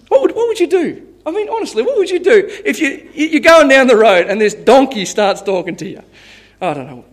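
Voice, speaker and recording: A man preaching a sermon as pastor, telling Bible stories in a lively way and laughing at his own tales. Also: very high voice.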